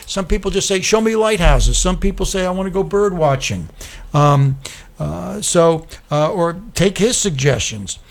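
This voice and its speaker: A man hosting a radio talk show, reading sponsor spots in a loose, chatty way with lots of ums and uhs. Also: a little high.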